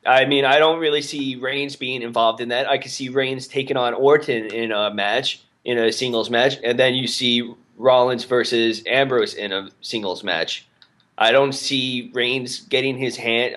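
A man's voice: mid-range voice, fairly bright tone. A man co-hosting a podcast in casual chat, rambling and hesitant, with many fillers. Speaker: podcast co-host.

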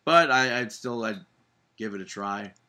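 A man's voice: lowish voice, unhurried, sharp tone. A man hosting a wrestling podcast, chatting casually and upbeat, laughing easily. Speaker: podcast host. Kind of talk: casual chat.

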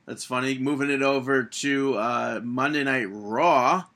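Young male podcast co-host, bright voice, opinionated and exasperated recapping. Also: mid-range voice, unhurried. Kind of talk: casual wrestling podcast chat.

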